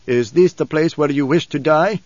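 A man's voice: a little high, moderate pace, a little mellow, no room sound, dull audio, lightly acted. A man voicing an old male desert warrior with a menacing, growling manner, in an audiobook reading. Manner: growling, threatening.

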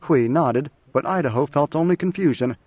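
A man narrating a novel in a steady, even storytelling manner. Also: on the high side, moderate pace, breathy edge, no echo. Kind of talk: audiobook narration. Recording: dry, slightly dull audio.

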